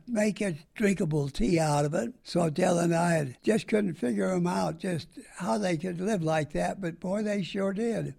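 A man's voice: high voice, gravelly, darkish tone. An older man, a veteran, recalling his wartime years in a folksy, plain-spoken way for an oral history interview. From United States.

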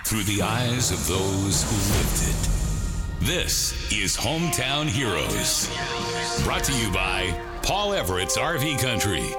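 A man reading a scripted radio show introduction as the announcer. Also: mid-range voice. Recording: announcer over loud music bed. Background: loud music.

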